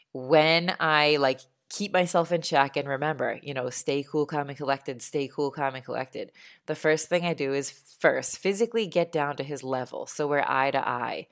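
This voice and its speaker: A woman in her thirties, a parent, talking calmly and earnestly about how she raises her young son. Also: sits low. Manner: calm, earnest and reflective. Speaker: parent sharing advice. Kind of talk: casual spoken monologue.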